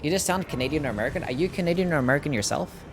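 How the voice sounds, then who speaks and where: A man's voice: a little high, animated, rapid-fire, music in the background. A young Australian man with an Australian accent, giving casual gameplay commentary, laid-back and swearing freely as he answers chat. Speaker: game streamer.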